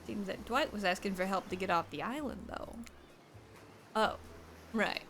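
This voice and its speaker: A woman's voice: medium pitch, expressive, moderate pace, fairly bright tone, slight background noise, pitched below the performer's own voice. A woman doing a sly, shady game narrator. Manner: dry, sly, theatrical. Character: smug, shady island narrator, sly host.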